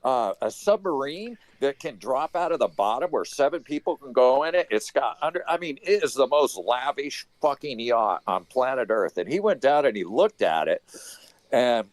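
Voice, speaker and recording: A man's voice: mid-range voice, very animated, moderate pace, dry recording. A man talking as a guest on a casual live political chat, telling a story heatedly and swearing often.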